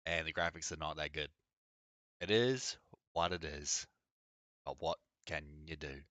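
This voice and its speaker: A man's voice: a bass voice, measured pace, fairly bright tone, no echo. A young man chatting casually on a live gaming stream, blunt, opinionated and mocking. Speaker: game streamer.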